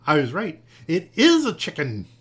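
A man's voice: a little high, sing-song, a little slow, slightly rough, voice pushed up, heavily acted. A man reading aloud and voicing a know-it-all female frog who speaks in a sure, matter-of-fact way. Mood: smug.

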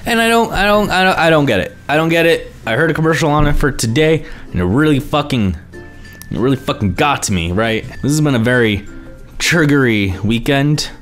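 A man's voice: a little high, lively intonation, a little fast, fairly bright tone, faint music behind. A young man vlogging, ranting in a casual, profane way with exasperated asides. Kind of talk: ranting vlog monologue.

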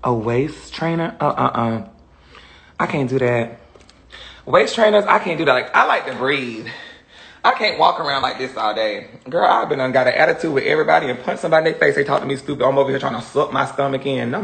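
A sassy, animated woman chatting on a phone livestream, reading viewer comments and laughing often. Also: very deep voice, a little fast, gravelly. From Atlanta, USA. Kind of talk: casual livestream chat.

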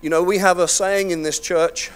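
A man's voice: high-pitched, fairly even intonation, normal speed, clean tone. An older man preaching a sermon in a chatty, self-deprecating way, with many fillers and restarts. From United Kingdom. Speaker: pastor. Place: church hall.

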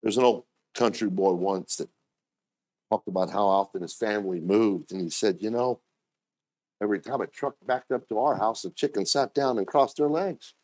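A man preaching a sermon as pastor, telling stories and acting out quoted voices with sudden jumps in pitch. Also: normal speed, darkish tone.

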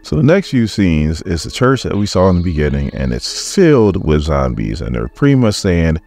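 A man with a strikingly deep, low voice recaps a comic in a loose, chatty way, padding the story with casual fillers. Faint music runs quietly under his talk. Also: sing-song, moderate pace, creaky.

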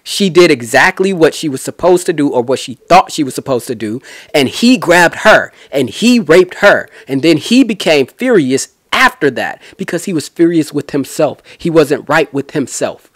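A man's voice: on the high side, animated, normal speed, hardly any pauses, no room sound, studio quality. A man giving a casual Bible teaching, retelling scripture in a chatty, slangy way with asides.

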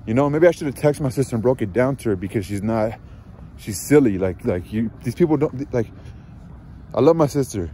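A man's voice: medium pitch, lively intonation, a little fast, dark tone, a little hiss or hum. A young man telling a casual story as a father, rambling with many fillers and sounding frustrated. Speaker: father vlogger.

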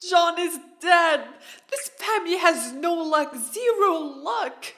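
A woman hosting a reaction video, talking emotionally and loudly to the screen, into a studio podcast mic. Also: extremely high pitch, lively intonation, takes it slowly. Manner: emotional, exclamatory, talks to the screen. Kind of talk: live reaction commentary.

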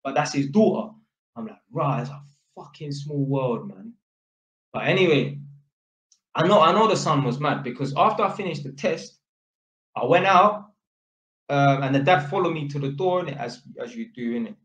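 A man's voice: fairly high pitch, expressive, moderate pace, pauses often, a bit bright. Slangy man in an echoey room. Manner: slangy and sweary, full of innit and fam. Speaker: electrician. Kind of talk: casual storytelling to camera.

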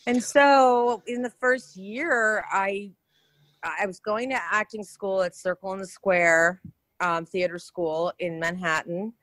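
A woman's voice: medium pitch, slow, no echo. A woman, telling stories as a guest in a casual interview, with many restarts. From New York. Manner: chatty, animated anecdotes with many restarts. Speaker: actress guest.

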